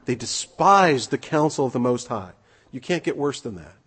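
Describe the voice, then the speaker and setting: A man's voice: medium pitch, expressive, normal speed, fairly bright tone, slightly rough. A man preaching an earnest sermon, reading scripture and asking rhetorical questions.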